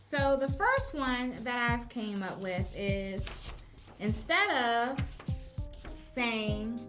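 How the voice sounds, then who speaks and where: Young woman, podcast host, chatty, acts out phrases emphatically, fairly high voice, faint music behind. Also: big pitch swings, drawn-out words. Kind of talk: casual advice podcast.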